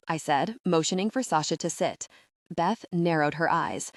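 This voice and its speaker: A woman narrating a first-person audiobook with an expressive, measured reading. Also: on the low side, dry recording, studio quality.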